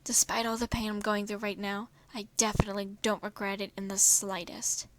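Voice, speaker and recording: A woman voicing a tender, weak young woman with a hushed, croaky voice, in whispered role-play for a fan story reading. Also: medium pitch, level tone, fairly quick, background noise, natural voice.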